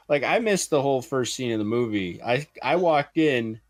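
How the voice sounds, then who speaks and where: A man's voice: mid-range voice, expressive, normal speed. A man in his thirties co-hosting a podcast, telling a rambling personal story in casual chat. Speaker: podcast co-host.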